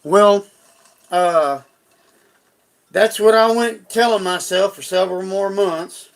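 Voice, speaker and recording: A man's voice: high voice, slow, gravelly. A middle-aged man on a live stream, telling a personal story in a folksy, rambling way with frequent restarts.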